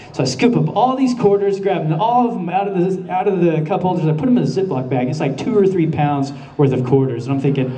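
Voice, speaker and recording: On stage at a convention panel, a man with a fairly high, warm voice tells a comic anecdote, acting out his own panic in quoted bits. He speaks briskly with lively intonation and hardly any pauses, captured by a camera at a distance in the audience.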